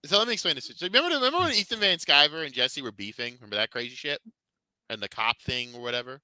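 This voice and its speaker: A man rants through a profane commentary chat, heated and mocking. His voice is sharp and bright and swings widely in pitch. The sound is close and dry. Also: expressive, racing, no room sound. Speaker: podcast host.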